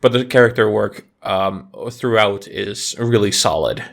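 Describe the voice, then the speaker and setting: A man's voice: lowish voice, a little slow, gravelly, a bit bright. A man co-hosting a casual podcast, speaking in a laid-back, agreeable way. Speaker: podcast co-host. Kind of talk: casual podcast chat about video games.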